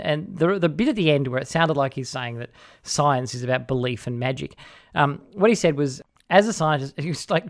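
A man with an Australian accent, co-hosting a casual political chat in a sardonic, animated way. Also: on the high side. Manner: sardonic, animated, mocking voices of opponents. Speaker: podcast co-host.

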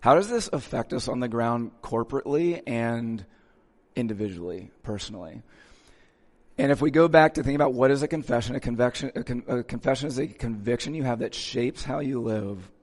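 A man's voice: medium pitch, lively intonation, brisk, big-room sound. A male pastor giving a conversational sermon in a church, casually checking in with his listeners as he goes.

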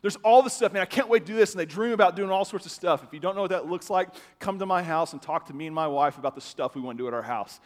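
A man preaching a sermon to his congregation, talking in a loose, conversational way with quick restarts. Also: a little high. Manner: conversational, animated, with stammered restarts. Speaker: pastor. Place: church sanctuary. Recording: long hall reverb.

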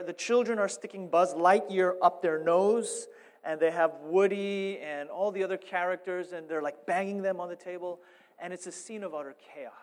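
A man preaching a sermon as pastor, animated and playful, with emphatic rises and asides. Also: high voice, in a large hall.

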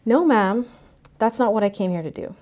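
A man's voice: sits high, darkish tone, pitched above the performer's own voice, close to an everyday voice. Woman voicing a nervous, apologetic masked burglar. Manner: hurried, polite, words tumbling out.

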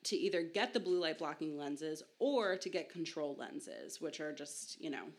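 Low-voiced chatty woman podcast host. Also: animated, moderate pace. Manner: chatty, self-deprecating, laughs often. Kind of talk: casual science podcast talk.

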